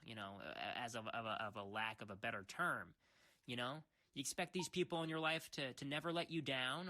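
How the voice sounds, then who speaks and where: Bright-voiced man rambling in mock seriousness. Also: a little high. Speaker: world creator narrating a puzzle. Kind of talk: rambling comedic monologue.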